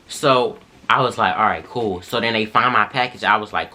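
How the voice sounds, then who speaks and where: A man's voice: fairly low pitch, normal speed. Young man telling a slangy storytime. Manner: animated slangy retelling, addresses viewers as y'all and bro. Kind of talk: casual storytime.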